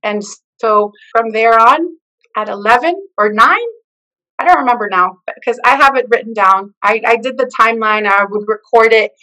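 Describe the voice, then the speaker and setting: Bright-voiced woman telling her testimony. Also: on the high side, moderate pace, low-quality recording. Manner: expressive storyteller who acts out the quoted lines. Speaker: guest sharing her testimony. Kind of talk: animated personal testimony.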